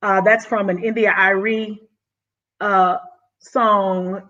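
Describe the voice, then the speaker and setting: A woman talks straight to her channel, bubbling over with excitement and slightly out of breath. She calls her listeners honey, in a mid-range voice. The sound is dull and lo-fi. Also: medium pitch, takes it slowly. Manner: excited, effusive, says "honey" often. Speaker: YouTube vlogger. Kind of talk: casual vlog monologue.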